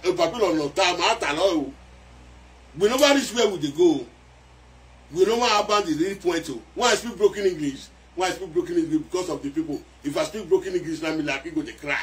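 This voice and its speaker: A Nigerian man delivers casual, excitable commentary on a song, often repeating his lines for emphasis. His voice sits a little high for a man. He is some distance from the microphone, so the sound is slightly distant. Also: fairly quick. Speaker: music commentator.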